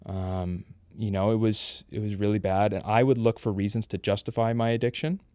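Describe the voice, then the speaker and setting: A man's voice: fairly low pitch, steady tone, moderate pace, dark tone, dry recording, clean studio sound. A man in his thirties, a podcast guest, telling his personal story in an earnest, confessional way. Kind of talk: candid personal testimony.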